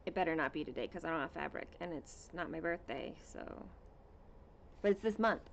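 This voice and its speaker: A woman hosting a casual cross-stitch livestream at home, chatting with viewers and reading out their comments in an unhurried way with plenty of fillers. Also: low voice, vocal fry, a little hiss or hum.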